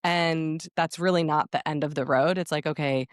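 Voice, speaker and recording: A woman's voice: deep voice, steady tone, moderate pace. Woman cohosting a podcast, thoughtful and chatty, dry room no echo. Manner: thoughtful, reflective, with frequent fillers. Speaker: podcast co-host. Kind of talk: casual podcast conversation.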